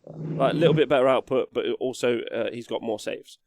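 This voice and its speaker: A man's voice: medium pitch, fairly quick, a little mellow. A man commentating a live tabletop wargame match in a casual, chatty way with plenty of fillers.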